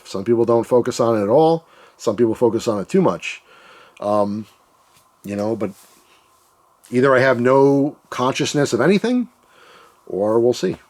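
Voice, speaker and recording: On his own channel, a man with a medium-pitched, somewhat dark voice delivers a casual reflective vlog monologue. He rambles candidly and calls himself emotional.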